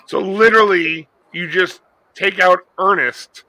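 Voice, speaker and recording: A man's voice: sits high, fairly even intonation, sharp tone, dry recording, poor audio. A man co-hosting a podcast, riffing jokily in casual banter. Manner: quick, jokey riffing. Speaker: podcast co-host.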